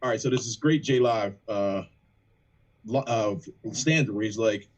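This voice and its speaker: A man, a rapper in a band, chatting casually on a livestream, animated and profane as he breaks down lyrics. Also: on the low side, measured pace, low-quality recording.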